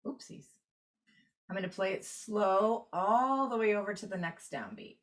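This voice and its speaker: Woman clarinet teacher on a video call, patient step-by-step explainer, mid pitch. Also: moderate pace. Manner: explanatory, walks through steps while annotating. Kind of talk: online workshop lesson.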